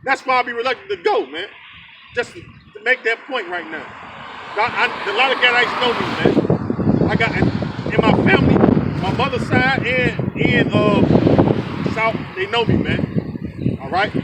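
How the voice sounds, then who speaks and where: A man with a very high voice preaches outdoors with fiery, profane heat. He leans on "man" and "all right" to drive his points home. The recording is distant, with clear traffic and bird noise in the rain. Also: animated, moderate pace, pauses often. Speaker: street preacher.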